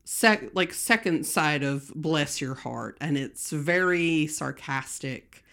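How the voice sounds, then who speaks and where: A woman with a Southern US accent co-hosting a casual podcast, playful and quick to laugh, drawling her slang. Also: deep voice, expressive, creaky, fairly bright tone. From American South. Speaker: podcast co-host. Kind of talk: casual chat.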